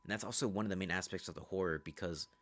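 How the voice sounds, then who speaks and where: Male movie reviewer with a deep voice, casual and profane, rambles through a plot recap with lots of "like" and "bro". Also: a bit bright. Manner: rambling, profane, fast storytelling.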